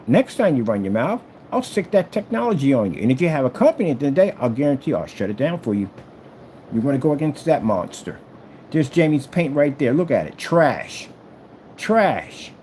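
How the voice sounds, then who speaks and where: A man taunts a rival while he shows off his own gear, and his low voice swings widely in pitch. His tone is dark and mellow, and there is a faint hum of room noise behind him. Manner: taunting and trash-talking, repeats phrases; animated swings between loud and low. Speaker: screen maker showing his product. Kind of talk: boastful product demo vlog.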